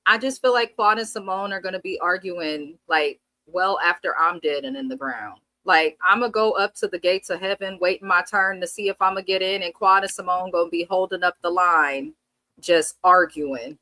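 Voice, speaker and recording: Brief: outspoken woman co-host, bright voice, close and dry. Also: fairly low pitch, normal speed, no echo, low-quality recording. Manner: blunt, opinionated, swears freely. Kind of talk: casual TV recap chat.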